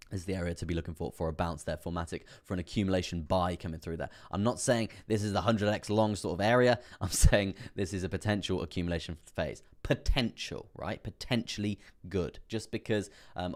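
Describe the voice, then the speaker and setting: A man's voice: low voice, darkish tone. A man hosting a casual live-stream of crypto chart commentary, chatty and rambling, with frequent laughs and fillers. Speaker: crypto trading livestream host.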